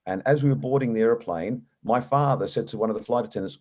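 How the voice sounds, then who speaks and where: A man's voice: mid-range voice, fast talker. A middle-aged man, an airline captain, telling his story in an interview and acting out the voices of people he quotes. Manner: animated storyteller, acts out quoted dialogue.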